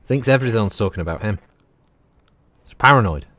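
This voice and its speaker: A man's voice: on the low side, expressive, normal speed, a bit bright. A man streaming a video game, chatting casually and joking with his viewers, swearing freely as he plays. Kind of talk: casual gameplay commentary.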